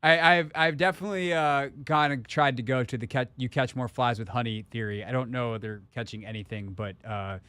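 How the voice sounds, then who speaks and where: A man hosting a sports radio show, talking in a relaxed, jokey way into a studio microphone. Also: medium pitch, brisk, few pauses, clear, resonant tone, no room sound. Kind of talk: casual radio talk.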